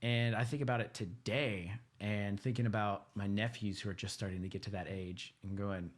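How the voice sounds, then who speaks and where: A man's voice: lowish voice, normal speed, few pauses. Laid-back male podcast co-host. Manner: laid-back storytelling with laughs and acted quotes. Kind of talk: casual chat.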